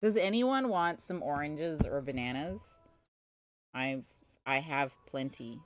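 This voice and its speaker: A woman's voice: deep voice, slow pace. A woman at home, chatting on a live stream with exasperated, playful storytelling and teasing. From Canada. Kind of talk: casual live-stream chat.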